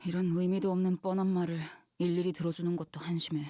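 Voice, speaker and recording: A woman voicing a traumatized young female sailor in a video game, speaking in a hushed, intense, often whispered way. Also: on the low side, flat delivery, rapid-fire, close to an everyday voice. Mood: cold. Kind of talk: game voice acting.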